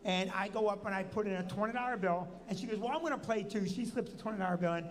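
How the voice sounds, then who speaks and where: Animated New Jersey male host, storyteller who acts out quotes; reverberant hall. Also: fast. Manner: animated, acts out quotes with big pitch jumps. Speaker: comedian and show host. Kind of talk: storytelling on a live show.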